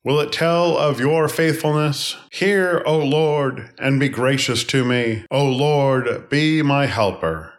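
A man reading scripture aloud in a measured way, pausing at each phrase. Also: mid-range voice. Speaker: scripture reader.

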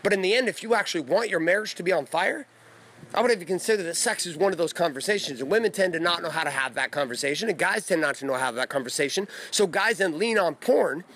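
A man in his thirties delivers a loose, blunt monologue full of profanity. His voice sits a little high for a man. He talks casually, as if recording in his backyard. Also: animated, fast talker, a bit bright. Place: backyard outdoors.

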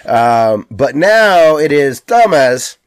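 A man's voice: mid-range voice, expressive, normal speed, no room sound, clean studio sound. A man from the United States co-hosting a casual chat, rambling with lots of fillers and jokes. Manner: rambling, filler-heavy, joking. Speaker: podcast co-host.

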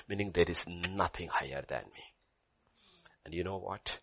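A man preaching a sermon to a congregation in church, swinging from low murmurs to high excited cries. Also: normal speed, long pauses.

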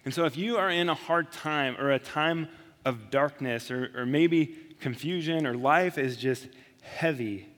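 A man's voice: mid-range voice, fairly bright tone. Earnest man preaching in a reverberant hall. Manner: reflective, earnest preaching with slow emphatic pauses. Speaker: pastor. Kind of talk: sermon. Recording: long reverb of a large hall.

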